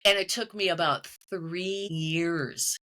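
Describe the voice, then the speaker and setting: A woman being interviewed as a medium and author, telling her story in lively detail and acting out the voices of the people she quotes. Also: lowish voice, slow. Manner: animated storytelling, quoting voices. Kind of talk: conversational interview.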